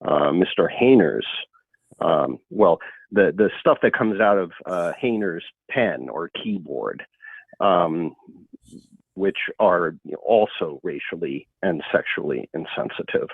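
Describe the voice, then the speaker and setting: A man giving a halting, earnest public comment over the phone, with many fillers. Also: low voice, animated, vocal fry, husky, dry recording. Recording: tinny phone line, dry.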